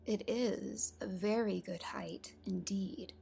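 A woman voicing a stern, languid caterpillar with slow, curt, drowsy speech, over faint music. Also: medium pitch, gravelly.

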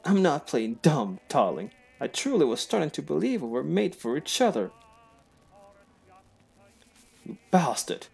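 A man's voice: a little high, very animated, moderate pace, vocal fry, darkish tone, slightly rough, soft background music, exaggerated voice. A man voicing a flamboyant male adventurer, theatrical and flirtatious, who calls everyone darling. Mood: wounded, indignant.

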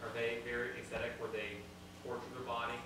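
A man's voice: medium pitch, level tone, quick pace, pushed and bright. A man in a class asking a hesitant question from away from the microphone.

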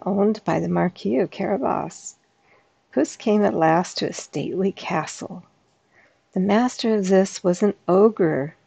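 A soft-spoken woman reads a classic fairy tale aloud at an unhurried pace. Her voice is low, with heavy vocal fry and a husky grain. The recording is dry and close, with no room sound. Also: no room sound. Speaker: storyteller. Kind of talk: storybook reading.

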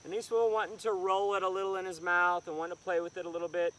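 A man's voice: high voice, fast. Man training a dog outdoors. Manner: calm explaining, sharp short commands to the dog. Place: outdoors in the countryside. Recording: distant mic with outdoor noise.

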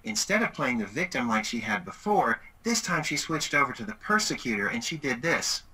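Man, middle-aged, very bright tone, lively storytelling, webinar presenter. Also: medium pitch, moderate pace, hardly any pauses, slightly rough, low-quality recording. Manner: animated, acts out quoted voices.

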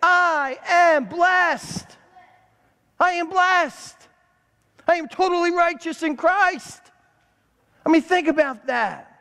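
A man's voice: very high voice, takes it slowly, gravelly, long pauses, a bit bright. A man preaching a sermon as pastor, calling for responses from the congregation and repeating words for emphasis. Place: church sanctuary. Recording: church hall reverb.

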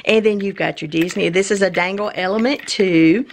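A woman hosting her own channel, unboxing collectible pins in a haul video, gushing and exclaiming with excitement. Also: medium pitch, moderate pace, slight background noise. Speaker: channel host.

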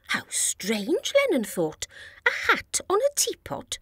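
A woman presenting a preschool show, reading a story and talking straight to young children. Her high voice swings widely in a warm singsong. She speaks slowly and softly, a little breathy. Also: huge pitch swings, no room sound, clean studio sound. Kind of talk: slow, expressive preschool storytelling.

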